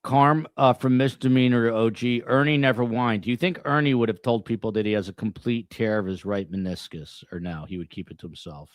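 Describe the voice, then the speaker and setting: A man hosting a podcast in casual chat, talking in halting, rambling bursts with many restarts. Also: mid-range voice, no room sound, clean studio sound. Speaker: podcast host.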